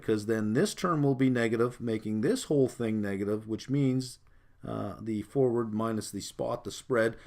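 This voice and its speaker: A man giving a recorded finance exam-prep lecture, explaining step by step with many fillers and rhetorical questions. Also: medium pitch. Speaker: finance instructor.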